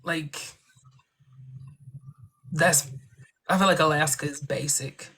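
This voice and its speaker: A man hosting a casual livestream chat, talking in a chatty, expressive way with playful asides. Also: on the high side, slow, creaky, husky. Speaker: livestream host.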